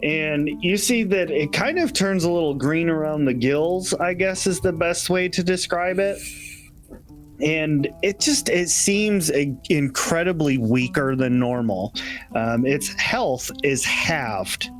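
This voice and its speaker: Slow-paced game master narrating. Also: male voice, a little high, soft background music. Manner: slow, descriptive narration with chuckles. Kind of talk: narrating a tabletop game for a live chat.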